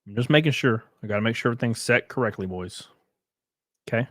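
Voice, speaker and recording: A fast-talking Southern US man with a mid-range voice hosts a casual live stream, recorded with no echo. Loose and jokey, he rambles on, reads out chat messages and thanks viewers.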